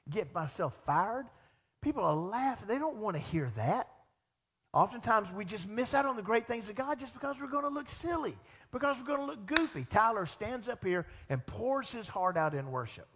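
A middle-aged male pastor delivers a lively sermon, slipping into the voices of the people he quotes. His voice sits high for a man. The sound carries a long reverb, as in a large church sanctuary. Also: fairly quick, breathy edge. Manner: animated, acts out quoted voices.

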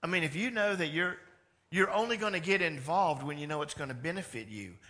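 A man preaching a sermon as pastor, animated, moving between loud emphatic lines and hushed ones. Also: a little high, brisk.

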